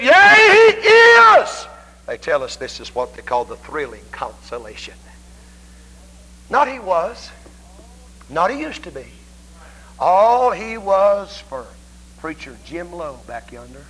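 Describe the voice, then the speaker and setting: A Southern American evangelist preaching a revival sermon in a high, bright, ringing voice. He swings his pitch widely, leaping into shouts and sinking into whispers as he tells homespun stories. A faint hum runs under the old church tape. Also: low-quality recording. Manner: folksy storytelling. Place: church sanctuary.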